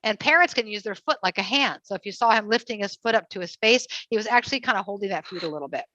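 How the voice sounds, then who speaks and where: A woman's voice: mid-range voice, animated, fast, sharp tone, dry recording, dull audio. A woman presenting a live family show with trained parrots, coaxing and cheering the birds along.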